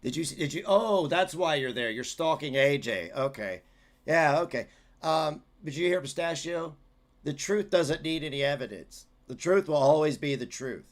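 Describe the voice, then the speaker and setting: A man's voice: a little high, lively intonation, moderate pace. A man hosting a livestream, giving heated, sarcastic, profane commentary as he reacts to clips.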